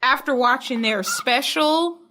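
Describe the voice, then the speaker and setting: A woman with a fairly high, expressive voice who talks slowly, throwing in short agreements and dry quips as co-host. The audio has an audible hiss underneath. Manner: backchannels a lot, dry quips. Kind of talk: casual gossip chat. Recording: noisy background hiss.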